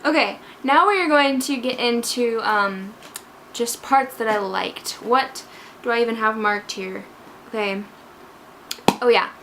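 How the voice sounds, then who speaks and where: A woman's voice: a little high, a little slow, creaky, a bit bright, slight background noise. A woman talking through a book she loved in a casual vlog, gushing, scatterbrained and emotional as she jumps between parts. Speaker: book vlogger.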